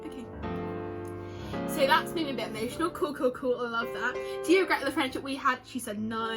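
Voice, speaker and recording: A young adult woman vlogs in a chatty, rambling way, reading out answers and tearing up easily. Her voice is fairly high-pitched, with loud music behind it.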